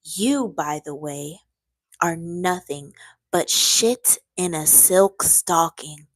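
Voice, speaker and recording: A woman reading aloud and voicing a furious male emperor who rants slowly and emphatically. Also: on the low side, dry recording. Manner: angry, ranting, slowed and emphatic.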